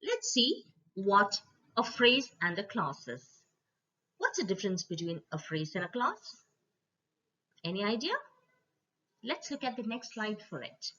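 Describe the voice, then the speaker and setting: A woman teacher giving a slide-based grammar lesson, speaking to children and repeating each rule slowly. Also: mid-range voice, very animated, sharp tone. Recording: dull lo-fi voice recording.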